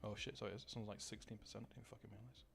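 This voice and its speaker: Gravelly-voiced man streaming games. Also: fairly low pitch, fairly even intonation, fast talker, over music. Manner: rambling, swears, greets chat by name. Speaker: live streamer. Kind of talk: casual live-stream gaming chatter.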